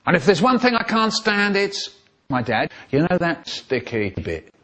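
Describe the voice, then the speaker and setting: An animated male storyteller with a slightly raised, husky voice. He tells comic stories in an exaggerated way, jumping suddenly up and down in pitch. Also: measured pace.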